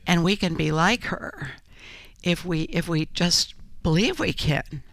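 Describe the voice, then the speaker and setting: An older woman telling her story as an interview guest, earnest and halting, with frequent restarts. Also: on the low side, very animated, gravelly, a bit bright, no echo. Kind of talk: interview conversation.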